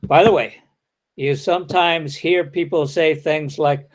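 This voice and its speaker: Give me a man lecturing at a slow, measured pace, explaining each point step by step. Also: on the high side, steady tone. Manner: explains step by step, acts out example sentences. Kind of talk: academic lecture.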